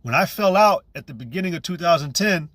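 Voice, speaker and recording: A man with a slightly high voice shares his religious testimony in a raw, casual way. He halts and restarts his sentences often and leans on slang as he talks. The recording is close and dry, with no room sound. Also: animated, a bit bright, no room sound. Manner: earnest, halting, with frequent restarts and slang. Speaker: believer giving religious testimony.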